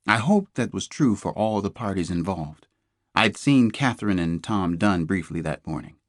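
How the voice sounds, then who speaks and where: Male audiobook reader, tense first-person thriller, deep-ish voice, dry close read. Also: animated, moderate pace, no echo. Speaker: audiobook narrator. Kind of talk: scripted first-person narration.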